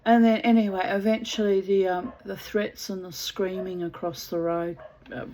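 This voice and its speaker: A woman's voice: mid-range voice, fairly even intonation, moderate pace, mellow, slight background noise, rough recording. A woman telling a personal story in a blunt, casual way, swearing freely and laughing at herself.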